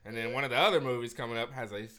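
A man co-hosting a casual movie chat, animated and quick to laugh, with the hiccups. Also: mid-range voice, a little hiss or hum. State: has the hiccups. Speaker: podcast co-host.

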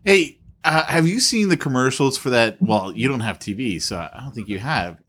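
A man's voice: mid-range voice, expressive, normal speed, fairly bright tone, a little hiss or hum. A man co-hosting a podcast in casual chat, playful and teasing. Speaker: podcast co-host.

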